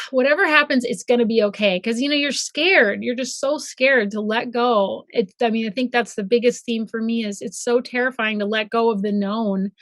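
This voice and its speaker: A middle-aged woman, a former pathologist, telling her story as a guest and lively acting out her own past thoughts. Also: fairly high pitch, normal speed, no room sound. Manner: animated, acts out her own past thoughts in quoted voices. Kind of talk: casual interview storytelling.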